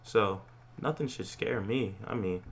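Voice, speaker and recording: A man's voice: lowish voice, measured pace, slight background noise. A young man casually joking and reacting while playing a horror game, chatting in slangy banter and yelping at scares. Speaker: gaming YouTuber. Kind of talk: horror game let's play commentary.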